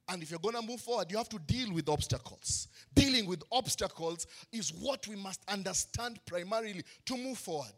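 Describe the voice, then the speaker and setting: Male pastor, high bright voice, emphatic call-and-response preaching. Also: animated, a little fast, few pauses. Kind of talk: sermon.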